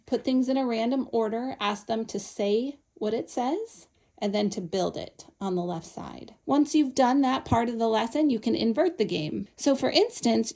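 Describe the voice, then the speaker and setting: A woman with a medium-pitched, gravelly, slightly mellow voice demonstrates a Montessori lesson. She's the teacher, breaking it down step by step in a patient, instructive manner.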